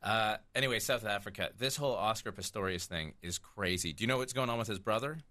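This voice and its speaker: A man's voice: fairly low pitch, fast, sharp tone, no room sound. A man co-hosting a podcast, steering the casual chat with teasing questions. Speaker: podcast co-host.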